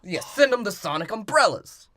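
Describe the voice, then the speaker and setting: A man's voice: sits high, very animated, normal speed, pushed and bright, slight background noise. A young man co-hosting a podcast, riffing and laughing through a crude comedic movie recap. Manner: laughs often, riffs on the other host's jokes. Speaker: podcast co-host.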